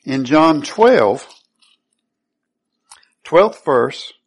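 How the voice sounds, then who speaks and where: A man's voice: fairly high pitch, very animated, extremely slow, husky. A man preaching a sermon who teaches through scripture, reading verses aloud and then asking his listeners questions he answers himself. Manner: asks the congregation rhetorical questions and answers them.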